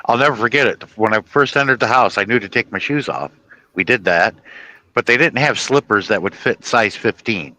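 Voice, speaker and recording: A chatty man spins funny stories in a loose, rambling way, often laughing at himself. His voice is bright and ringing, recorded close and dry with no room echo. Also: fairly low pitch, normal speed. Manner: chatty, with many restarts and "you know". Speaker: guest telling stories. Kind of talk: casual storytelling chat.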